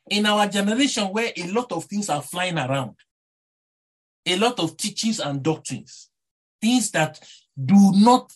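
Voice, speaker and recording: A man with a Nigerian accent preaching a sermon, animated and rhetorical, often repeating words and asking his listeners "eh?". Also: high voice, breathy edge.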